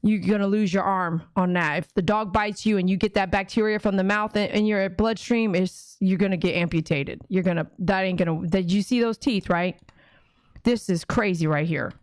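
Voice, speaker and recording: A woman's voice: medium pitch, normal speed, no echo. A woman dog groomer hosting a casual livestream, chatty and rambling, often acting out conversations.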